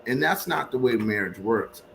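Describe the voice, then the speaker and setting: A man's voice: medium pitch, animated, moderate pace, vocal fry, over a noisy crowd, poor audio. A man sharing earnest, faith-based marriage advice as a guest on a podcast.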